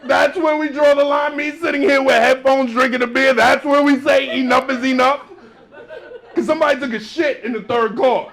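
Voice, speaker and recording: A male stand-up comedian doing a club set, loud and animated as he acts out people. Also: very high-pitched, moderate pace, vocal fry. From New York.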